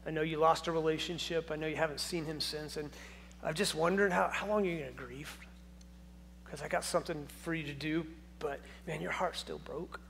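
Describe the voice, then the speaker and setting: A preacher voicing God as a gentle, loving figure who speaks softly and asks kindly questions, his voice a little lower and much quieter than his own. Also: fairly even intonation, brisk, vocal fry, a little hiss or hum. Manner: soft, easygoing and kindly questioning.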